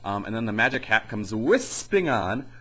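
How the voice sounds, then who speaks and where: A man's voice: fairly low pitch, big pitch swings, moderate pace, pushed and bright, husky, low-quality recording. A young man giving a rambling, sarcastic comedy review in casual chat. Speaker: video reviewer.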